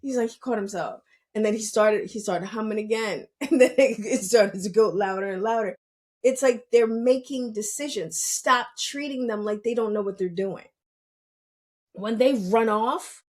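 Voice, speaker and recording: A woman's voice: medium pitch, darkish tone. A middle-aged woman talking casually on a podcast as a parent, earnest and repeating her points for emphasis. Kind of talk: casual talk.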